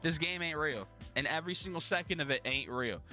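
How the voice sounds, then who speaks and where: A man's voice: fairly high pitch, expressive, a little fast, pushed and bright, soft background music. A young man hosting his own gaming channel, giving casual, dramatic, slang-filled commentary on a card game he is losing.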